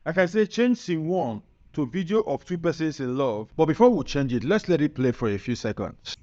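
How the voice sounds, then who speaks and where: A man's voice: fairly high pitch, big pitch swings, normal speed, dark tone. Chatty man walking through a tutorial. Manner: upbeat, chatty, keeps asking "right?". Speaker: tutorial presenter. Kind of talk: screen-recorded software tutorial. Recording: muffled lo-fi sound.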